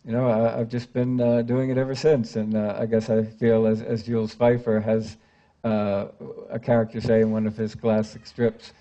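An older American man reading verse translations aloud in a grave, measured way that sinks to a hush, then chatting with the audience with many fillers. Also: on the low side, completely flat delivery, highs cut off. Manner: chatty and hesitant with many fillers when speaking off the page. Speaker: literary translator giving a public reading. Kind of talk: poetry reading and audience talk. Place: public lecture event before an audience.

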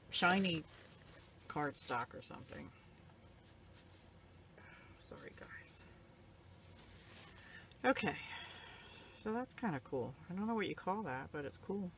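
This low-voiced older woman is a crafting vlogger doing a casual show-and-tell of craft supplies she received by mail. She rambles softly and gushes, sometimes growing emotional to the point of near tears. A faint hiss or hum runs underneath.

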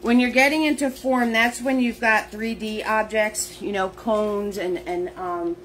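A woman's voice: medium pitch, steady tone, unhurried, a bit bright, slight background noise, low-quality recording. A woman hosting a live painting lesson, chatty and laughing often, greeting viewers by name as she explains terms. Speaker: painting class host.

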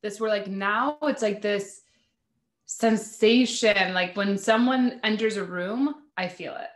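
A woman's voice: medium pitch, slow, reverberant. A woman hosting a podcast, chatting casually about spirituality, with lots of "like" fillers. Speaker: podcast host.

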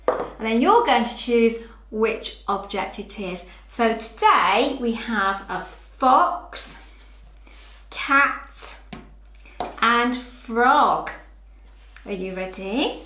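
A woman teaching a lesson to young children, speaking slowly and clearly in an encouraging, sing-song way. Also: a little high, lively intonation, pushed and bright, reverberant. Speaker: early years teacher.

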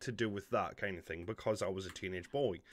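A man's voice: sits low, a little fast. A man with a Geordie accent, hosting a casual reaction video, rambling and joking at his own expense, and tired. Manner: joking, self-deprecating, rambling.

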